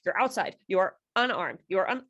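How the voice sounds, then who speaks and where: A woman co-hosting a podcast in casual chat, animated, swearing and laughing a lot. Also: medium pitch, normal speed, dull audio. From South Africa. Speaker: podcast co-host.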